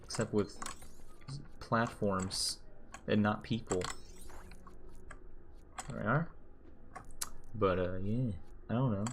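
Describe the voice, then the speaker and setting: A man's voice: fairly low pitch, takes it slowly, long pauses, slight background noise. A young man streaming a video game, rambling and joking casually, swearing freely, with keyboard typing nearby. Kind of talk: casual gameplay commentary.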